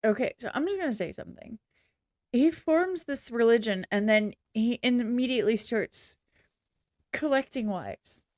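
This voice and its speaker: A woman hosting a casual reaction video, talking in a rambling, halting way with blunt opinions. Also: fairly high pitch, animated, a little mellow, no echo, clean studio sound. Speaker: reaction channel host. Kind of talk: casual unscripted reaction commentary.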